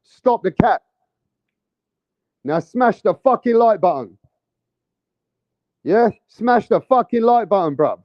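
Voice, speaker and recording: A man's voice: high-pitched, lively intonation, slow, long pauses, dry recording, dull audio. A man giving casual vlog commentary on boxing, with a brash, profane, heated ranting manner.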